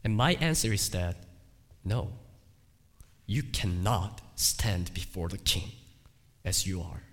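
Pastor guy preaching slow, voice jumping all over, lots of church echo. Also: sits low, lively intonation. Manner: emphatic, repeats phrases, swings between loud cries and quiet asides. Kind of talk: sermon. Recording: long hall reverb.

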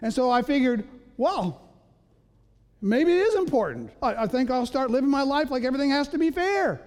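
A sulky child whines about fairness in a high, pleading voice, as a man puts him on. Everything is wheedling and aggrieved. A long reverb from a large hall trails each line. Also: sing-song, moderate pace, a little mellow. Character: whiny complaining child insisting on fairness.

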